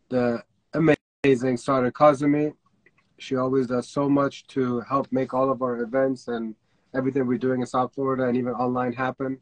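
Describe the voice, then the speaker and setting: A man's voice: mid-range voice, fairly bright tone, dry recording, rough recording. A man hosting a livestream talk show, speaking informally and supportively to his guest before introducing the next segment. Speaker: host.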